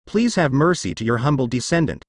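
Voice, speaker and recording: Lively synthetic male fanfic reader. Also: mid-range voice, brisk, no room sound, studio quality. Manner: reads spelled-out letters and punctuation literally. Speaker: narrator. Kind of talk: text-to-speech fanfic reading.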